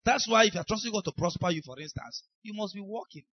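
Nigerian pastor guy preaching hard, kinda high voice, dull dry lo-fi audio. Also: fast, breathy edge. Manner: emphatic, acts out quoted speakers. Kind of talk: sermon.

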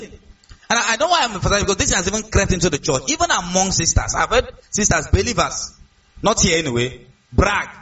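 A man with a Nigerian accent preaching a sermon as a pastor, animated, asking the congregation questions and acting out quotes. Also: high voice, distant mic, highs cut off. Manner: animated, call-and-response, acts out quotes.

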